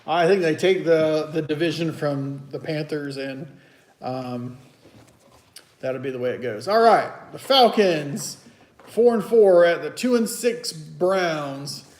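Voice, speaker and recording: A man's voice: a little high, slow, a little mellow. A man hosting a casual, teasing sports picks chat at home. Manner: chatty, teasing, loose and rambling. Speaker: host. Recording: echoey room.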